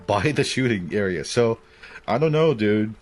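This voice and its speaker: Blunt, low-voiced podcast guy. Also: animated, moderate pace, over loud music. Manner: blunt, profane, conspiratorial. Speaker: podcast co-host. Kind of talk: casual podcast chat.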